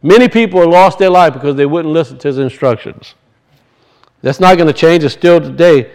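A man's voice: fairly high pitch, brisk, darkish tone, rough recording. A man preaching a sermon, teaching from scripture and emphatically asking and answering his own questions.

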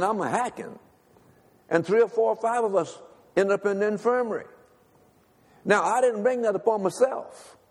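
A man's voice: high voice, darkish tone. An older male preacher telling a personal story in a sermon, talking conversationally and asking the congregation to respond. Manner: conversational, calls for audience response. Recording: long reverb of a large hall.

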